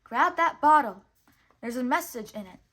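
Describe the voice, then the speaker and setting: Jiminy Cricket, a shrill bossy little cricket, as a woman puts him on. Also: very animated, moderate pace. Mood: warning. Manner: high shouted urgency. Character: excitable little male cricket sidekick, bossy.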